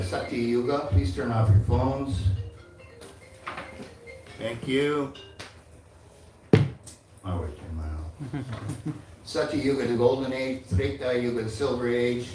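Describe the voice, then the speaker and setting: A man's voice: mid-range voice, darkish tone, a little hiss or hum. A man in his seventies giving a devotional class, reciting verses and speaking to the audience. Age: 70s. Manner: recites Sanskrit verses and teaches with asides to the audience. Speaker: temple speaker. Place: large echoey temple hall. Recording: echoey hall from far off.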